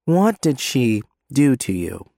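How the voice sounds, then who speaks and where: A man voicing a menacing adult man in an audiobook, speaking low and urgent. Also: sing-song, takes it slowly, creaky, warm tone, dry recording, clean studio sound, heavily acted. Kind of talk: audiobook character voice.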